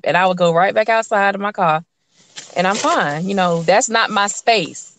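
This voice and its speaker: Lively woman guest telling stories. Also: mid-range voice, normal speed, slight background noise. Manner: animated storyteller, acts out quotes. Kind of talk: casual interview chat.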